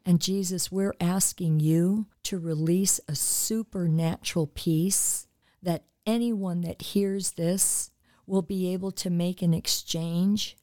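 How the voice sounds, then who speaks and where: A woman, a guest on a Christian talk show, leading a slow, soft, devout spoken prayer. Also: lowish voice, fairly even intonation, no room sound, studio quality.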